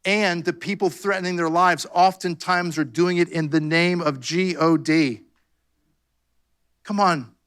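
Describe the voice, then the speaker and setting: A man's voice: fairly high pitch, fairly even intonation, measured pace, a bit bright, smooth. A man pastor preaching a fervent sermon, calling out "come on" and "amen" to his congregation. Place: church sanctuary.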